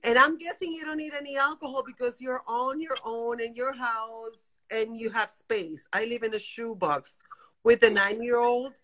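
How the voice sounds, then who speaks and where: Woman, 40s, slightly high voice, video call guest, animated, emotional. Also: normal speed. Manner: emotional, animated, laughs and vents. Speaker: guest caller on a live stream. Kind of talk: casual live video chat.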